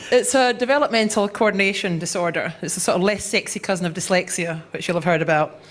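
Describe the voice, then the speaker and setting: Wry, lower-voiced woman comic. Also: moderate pace, a bit bright, a little hiss or hum. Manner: dry, wry self-deprecating delivery. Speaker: stand-up comedian. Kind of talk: stand-up comedy set.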